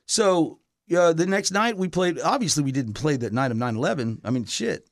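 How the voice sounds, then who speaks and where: A man's voice: a little high, lively intonation, moderate pace, no room sound, studio quality. A middle-aged man, a touring musician, telling a long story in casual chat, rambling with lots of fillers and restarts.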